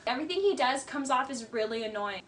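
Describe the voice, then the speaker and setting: A woman's voice: high-pitched, expressive, fast talker, a bit bright, slight background noise. A woman giving blunt, sarcastic casual commentary on a reality show and mimicking the people in it. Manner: blunt, sarcastic, mocking impressions.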